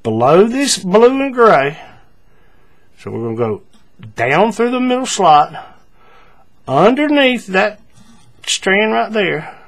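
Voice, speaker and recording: A high-voiced man leads a relaxed paracord crafting tutorial, talking through each move one step at a time, with lots of fillers and repeats.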